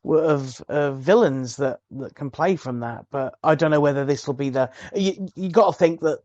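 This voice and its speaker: Man, slightly high voice, hesitant halting casual chat, dry mic. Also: a little mellow, no echo, dull audio. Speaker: podcast co-host.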